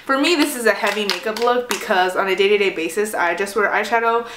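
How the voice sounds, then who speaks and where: A woman's voice: medium pitch, fast, reverberant, noisy background. A young woman chatting casually while doing her makeup, rambling with lots of fillers. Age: young adult. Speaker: beauty vlogger. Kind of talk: casual get-ready-with-me chat.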